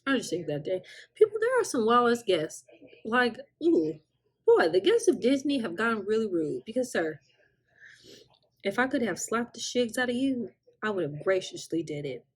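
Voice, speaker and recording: A husky-voiced young woman tells a casual storytime vlog. Her pitch rises and falls a lot as she acts out what people said, and she laughs often between lines. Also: very animated, normal speed. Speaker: vlogger.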